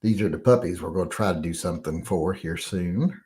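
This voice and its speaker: A man hosting a casual live chat, reading out viewer comments and rambling between them with frequent fillers and throat clearing. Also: sits low, fairly quick, dark tone.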